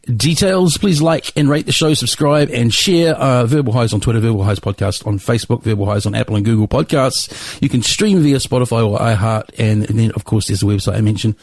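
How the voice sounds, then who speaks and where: A man's voice: medium pitch, brisk, hardly any pauses, a little mellow, no echo. Rambling male podcast host, dry sound. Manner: rambling, hesitant, many fillers. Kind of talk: solo podcast outro.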